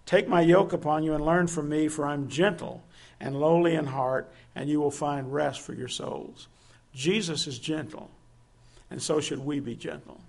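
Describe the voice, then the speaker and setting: Male preacher, gravelly and slightly high-pitched, earnest sermon delivery with questions to the congregation. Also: a little mellow. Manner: earnest, asks the listeners direct questions.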